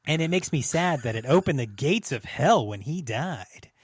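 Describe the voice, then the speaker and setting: A man's voice: fairly high pitch, expressive, normal speed, husky, no echo, clean studio sound. A man putting on an exaggerated fake Italian accent, playing a jokey cartoon Italian man and reading in a sing-song, overblown way. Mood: hammy. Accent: put-on Italian.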